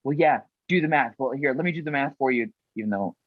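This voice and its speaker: A woman's voice: rumbling low, fast talker, dry recording. A middle-aged woman, an actress and producer, being interviewed on a podcast. She rambles animatedly through her stories and acts out other people's voices. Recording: dull, dry remote recording.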